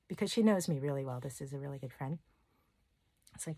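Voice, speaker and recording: Speaking with a deep, warm voice at normal speed, this woman leaves long pauses. She's a self-love coach and channel host sharing emotional personal stories in a casual, rambling vlog monologue, and the recording has no echo.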